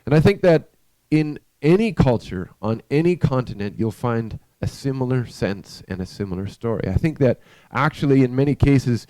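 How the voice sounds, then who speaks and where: Dark-voiced man telling a sermon story. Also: mid-range voice, animated, no echo. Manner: conversational, halting with restarts. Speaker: preacher. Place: church.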